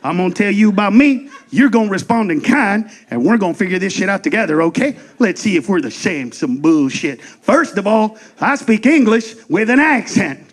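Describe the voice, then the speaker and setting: A man's voice: high-pitched, big pitch swings, normal speed, few pauses. A man voicing a crude, defiant Southern redneck in a stand-up bit. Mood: challenging. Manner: crude, blunt challenge.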